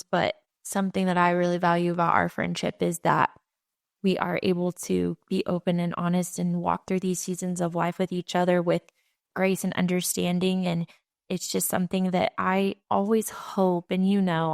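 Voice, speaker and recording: Woman hosting a podcast, smooth but gravelly voice, measured and sincere, dry close mic. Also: on the low side, no echo. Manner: measured and sincere, speaks in long reflective sentences. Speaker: podcast host. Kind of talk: warm conversational interview.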